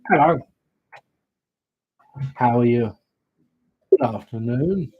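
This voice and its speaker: A man hosts a live stream, chatting loosely and greeting viewers with the odd casual swear. His voice is husky and swings widely in pitch. The stream audio sounds dull and muffled. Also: lively intonation, slow. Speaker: livestream host, witch doing readings.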